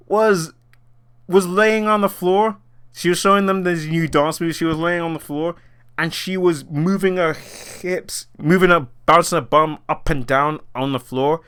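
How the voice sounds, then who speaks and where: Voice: medium pitch, unhurried, a bit bright, clear, resonant tone. A vlogger giving a casual spoken rant about a film they just watched, exasperated, swearing often and laughing in disbelief. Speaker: movie reaction vlogger.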